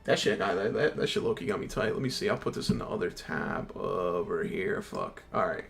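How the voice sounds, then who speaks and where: A man's voice: sits low, a little fast, vocal fry, a bit bright. A young man streaming a game from his computer, ranting in a casual, profane, slang-heavy way. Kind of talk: casual gaming stream rant.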